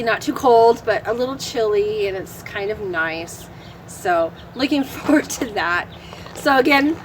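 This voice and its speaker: A woman with a slightly high voice chats casually to camera while sitting outdoors. Her talk rambles along, and she laughs often between thoughts. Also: a little hiss or hum, poor audio. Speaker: vlog host. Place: outdoors in the shade.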